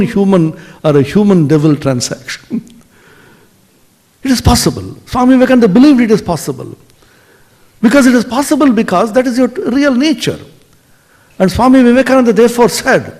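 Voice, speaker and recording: Telling stories with expression, a high-voiced man delivers a spiritual lecture, dropping into soft tones whenever he wants to stress a point.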